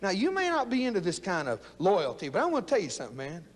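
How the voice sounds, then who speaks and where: A man's voice: high voice, wildly swooping pitch, fast talker. An older man, giving a folksy, joking motivational speech to young people about loyalty and his war years. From South Texas. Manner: folksy, jokey, fired-up preaching. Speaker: speaker telling his war story. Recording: long echo of a big hall.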